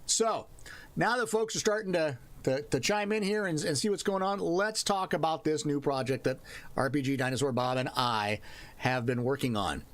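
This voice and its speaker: A man's voice: mid-range voice, a bit bright. A man hosting a casual livestream, chatting playfully with his viewers and greeting them as they arrive. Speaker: livestream host.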